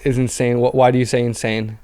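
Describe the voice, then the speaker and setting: A man in his thirties, a guest on a podcast, telling his story in animated, casual talk full of fillers like "um" and "like.". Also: mid-range voice, brisk, clean tone. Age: 30s. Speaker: podcast guest, business owner. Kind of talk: casual interview chat.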